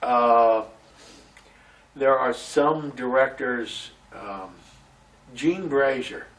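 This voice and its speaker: Animated man telling theater stories. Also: mid-range voice, very slow, distant mic, low-quality recording. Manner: animated storytelling, many restarts. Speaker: community theater actor, interview guest. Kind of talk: casual interview.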